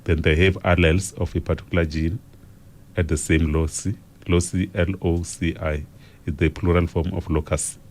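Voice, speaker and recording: A man with a South African accent teaches an exam revision lesson on the radio, moving slowly and repeating himself as he dictates key phrases. His voice is deep and level in tone, a little mellow.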